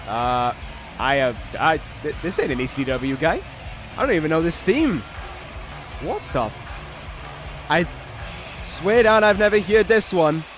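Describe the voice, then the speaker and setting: A high-voiced man calls a wrestling video game play-by-play, flipping from dry sarcasm to shouts of disbelief. He swears casually as he talks. Faint game music plays behind him. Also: a little slow, long pauses. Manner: excitable, swings from dry sarcasm to stunned shouting.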